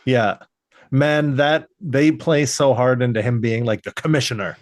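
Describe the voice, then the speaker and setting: A man's voice: mid-range voice, fairly even intonation, measured pace, dry recording. Man, podcast co-host, casual chat, rambling, dry close sound. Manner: rambling, full of fillers and restarts.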